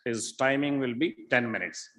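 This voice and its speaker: A man's voice: mid-range voice, normal speed, pushed and bright, rough recording. A man, announcing speakers at a conference in a formal, courteous way. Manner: formal, courteous, repeats sir. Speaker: master of ceremonies. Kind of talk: stage announcements.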